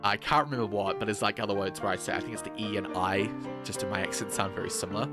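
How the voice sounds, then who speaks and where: A man's voice: on the low side, fast, over loud music. A man in his twenties with a New Zealand accent, chatting casually on a game stream, rambling and swearing often. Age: 20s.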